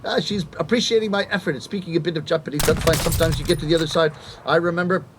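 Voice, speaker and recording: Animated comedian around fifty, high voice, stage storytelling with acted-out punchlines. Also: male voice, very fast, noisy background. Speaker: rakugo comedian. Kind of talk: stand-up storytelling to a live audience.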